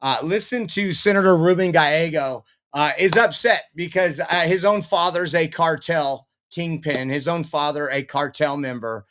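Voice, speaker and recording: A man's voice: a little high, normal speed, few pauses, fairly bright tone. A man hosting a political commentary show, telling rambling anecdotes in a casual, chatty way.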